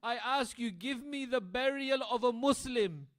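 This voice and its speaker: Brief: preacher acting a noble doomed man pleading his final wishes, loud and fervent. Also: on the high side, expressive, measured pace. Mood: impassioned. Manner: rising to impassioned loud pleas.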